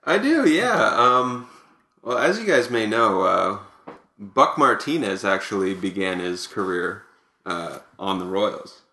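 A man's voice: lowish voice, very animated, slow, bright, forceful tone, reverberant. A man co-hosting a casual comedy chat, talking in an offhand, hesitant way with many ums. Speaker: podcast co-host.

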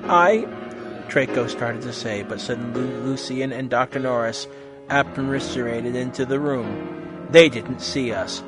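A man reading a story aloud in a mock-serious, expressive way. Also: mid-range voice, normal speed, over music. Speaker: reader.

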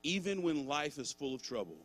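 A man's voice: fairly high pitch, big pitch swings, a little fast, a bit bright, rough recording. A man preaching as pastor, conversational and searching at times, then building to fervent emphasis. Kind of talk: sermon.

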